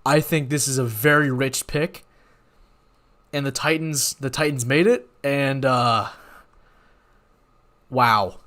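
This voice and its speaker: A young man hosting a live watch party, talking in a rambling, excitable way and often apologizing. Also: medium pitch, slow, long pauses. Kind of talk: live-stream reaction chat.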